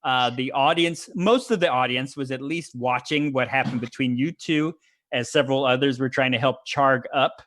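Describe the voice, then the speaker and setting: Male game master, bright tense voice, narrates a tabletop wrestling game with quick bursts of voices and laughter. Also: mid-range voice, no echo. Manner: laughing, breaks into shouted character voices.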